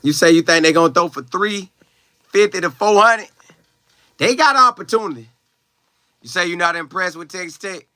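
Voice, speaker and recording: A man's voice: high-pitched, moderate pace, pauses often, bright, forceful tone, dry recording. A young man who plays college football, livestreaming and answering viewer comments in a loose, slangy, chatty way with frequent exclamations. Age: young adult. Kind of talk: casual live chat, reading viewer comments aloud.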